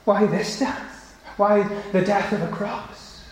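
A man's voice: sits high, steady tone. Solemn preacher man in a very echoey hall. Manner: solemn, emphatic, slows for weight. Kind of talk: sermon.

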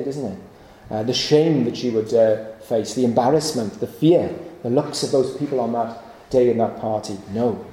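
In an echoey hall, a man with a dark, mid-range voice preaches an evening sermon. He pleads with his listeners through earnest, repeated rhetorical questions.

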